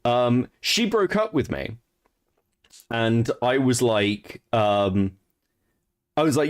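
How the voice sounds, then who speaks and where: A man's voice: on the low side, very animated, a little slow. A man in his thirties co-hosting a stream, chatting casually and bluntly about online drama, swearing freely and laughing often. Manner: reads messages aloud in a mocking tone. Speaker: streamer and co-host.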